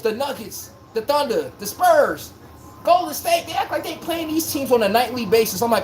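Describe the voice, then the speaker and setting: A man's voice: very high-pitched, normal speed, background noise. A man hosting a live-streamed basketball talk show, talking bluntly in slang and answering his chat. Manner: blunt, animated, slangy, talks straight to chat. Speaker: sports podcast host.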